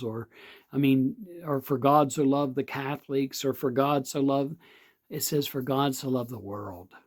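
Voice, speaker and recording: A man preaches a devotional sermon at a deliberately unhurried pace. He speaks earnestly, stressing key lines by repeating them. His voice sits at an ordinary middle pitch. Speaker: pastor. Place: outdoor or home setting, not in church.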